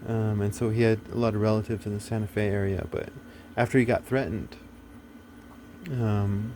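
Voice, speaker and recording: A man's voice: lowish voice, fairly even intonation, moderate pace, dark tone, slight background noise. A man talking casually to the camera, rambling and blunt, full of fillers, restarts and swearing. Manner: profane, blunt. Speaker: video host.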